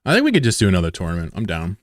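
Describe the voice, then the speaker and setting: A man's voice: sits low, huge pitch swings, racing, no room sound, studio quality. A young American man chatting loosely with viewers on a stream, rambling and swearing freely. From USA. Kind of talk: casual chat with viewers.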